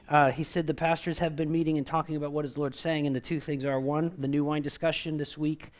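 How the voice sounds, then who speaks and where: A man preaching a conversational sermon, animated and full of asides, then leading a prayer. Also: mid-range voice. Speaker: pastor.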